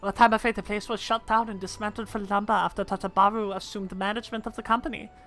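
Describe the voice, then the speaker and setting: A woman's voice: medium pitch, little pitch movement, fast, a bit bright, lightly acted. A woman reading out the lines of a wistful old man who reminisces in a formal, storytelling way. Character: old man reminiscing about airship days. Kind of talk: reading game dialogue aloud.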